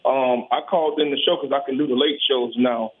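A man's voice: medium pitch, steady tone, a little fast. A man calling in to a sports radio show, making his point earnestly and repeating words as he goes. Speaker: caller. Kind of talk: call-in phone chat. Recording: tinny phone line.

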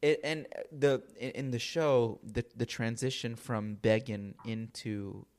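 A man's voice: medium pitch, fairly even intonation, takes it slowly, darkish tone. Enthusiastic man co-hosting a chat. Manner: enthusiastic, stumbles over starts. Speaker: podcast co-host. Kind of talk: casual interview chat.

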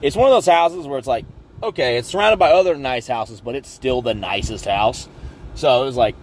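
A young man from Southwest Virginia with a Southern American accent hosts a podcast, telling a rambling, self-mocking story full of ums and uhs. His voice is medium in pitch and fairly quick, with slight background noise.

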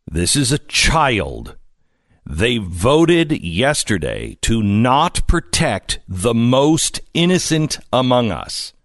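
Impassioned man with wildly shifting pitch. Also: sing-song, dry recording, studio quality. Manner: emphatic, slow and deliberate with dramatic pauses. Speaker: talk show host. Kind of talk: impassioned commentary monologue.

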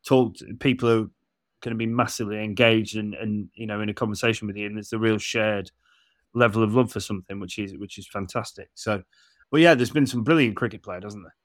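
A man's voice: fairly low pitch, no room sound, clean studio sound. A man in his forties from England, chatting casually on a podcast and acting out the dialogue of his stories. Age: 40s. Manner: chatty storyteller, laughs and acts out dialogue. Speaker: podcast co-host.

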